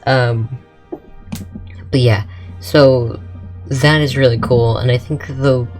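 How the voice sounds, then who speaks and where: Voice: medium pitch, fairly even intonation, slow, a little mellow, faint music behind. A content creator talking casually over building-game footage, rambling with lots of fillers and restarts. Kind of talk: casual gameplay commentary.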